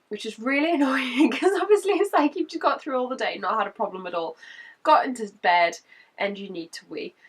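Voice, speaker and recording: Croaky woman vlogging. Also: mid-range voice, distant mic. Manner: chatty, laughs between points. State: croaky from a cold. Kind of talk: casual chatty update.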